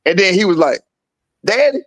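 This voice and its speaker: A man's voice: fairly quick, no echo, poor audio. A middle-aged man casually telling stories in slang, acting out the voices of the people in them. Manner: animated, acts out quotes with big pitch jumps; street slang, repeats "you feel what I'm saying". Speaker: guest storyteller, boxing father. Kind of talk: casual storytelling chat.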